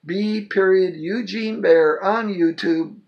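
An older man teaches from the Bible in an emphatic, informal way. His voice sits high and carries a gravelly fry. He reads scripture and breaks off into quick side remarks at an unhurried pace. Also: muffled recording.

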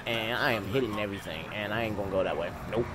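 A young man giving excitable, jokey commentary on a driving game, laughing and shouting often. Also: fairly low pitch, fast talker, over music. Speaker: gameplay commentator. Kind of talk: live let's-play commentary. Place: home room.

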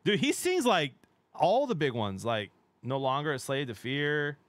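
A middle-aged man streaming games, chatting casually with his viewers. He talks in a chatty, excitable way, laughs often and trails off mid-sentence. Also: on the high side, unhurried, no echo. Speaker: game streamer. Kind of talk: casual live-stream chat.

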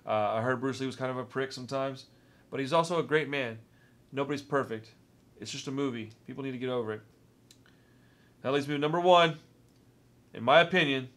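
A movie review vlogger with a Texan accent hosts a casual movie-ranking video, rambling enthusiastically and often repeating words. His voice is medium-pitched and somewhat bright.

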